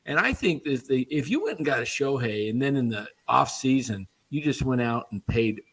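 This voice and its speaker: Bright-voiced man in sports chat. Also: mid-range voice, animated, fairly quick, husky, low-quality recording. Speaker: co-host.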